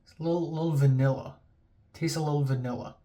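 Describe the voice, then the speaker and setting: A young man talking quietly and rambling to his phone camera, chuckling to himself as he walks an empty street at night. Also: fairly high pitch, fairly even intonation, quick pace. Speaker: vlogger. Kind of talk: casual self-filmed vlog.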